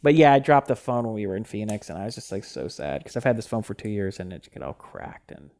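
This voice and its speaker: A man's voice: lowish voice, sing-song, fast, gravelly, darkish tone. A man co-hosting a podcast in casual chat. He rambles, with lots of fillers and restarts. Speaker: podcast co-host.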